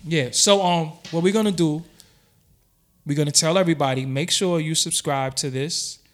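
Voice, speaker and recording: A profane, plain-spoken man from Brooklyn, holding forth in loose podcast banter. His voice sits a little above the usual male pitch, and he talks bluntly without softening anything. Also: normal speed. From Brooklyn, New York. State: has been drinking. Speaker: podcast co-host. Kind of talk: casual chat.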